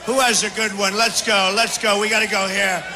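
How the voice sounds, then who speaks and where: A man's voice: high-pitched, flat delivery, fairly quick, background noise. An older man answering questions at a town hall, repetitive and boastful, talking off the cuff. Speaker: presidential candidate at a town hall. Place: large indoor hall with audience.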